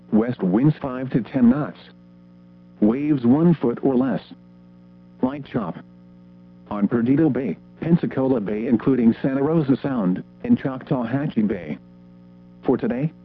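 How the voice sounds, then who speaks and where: A man's voice with a synthetic-sounding edge reads a scripted marine weather forecast in a measured, even, list-like way, with sudden pitch jumps on short phrases. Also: slightly rough. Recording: tinny phone-like band with faint guitar music.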